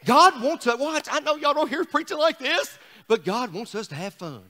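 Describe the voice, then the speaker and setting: A man's voice: very high-pitched, lively intonation, normal speed, sharp tone, in a large hall. A man preaching an exuberant, joking sermon to his congregation in a church. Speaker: pastor. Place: church sanctuary.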